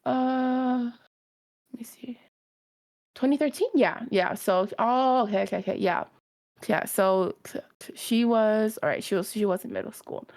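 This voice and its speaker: A woman's voice: on the high side, measured pace, a little mellow. A woman co-hosting a stream, casually chatting and telling a story, acting out quotes and laughing often. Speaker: stream co-host. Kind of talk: casual chat while drawing.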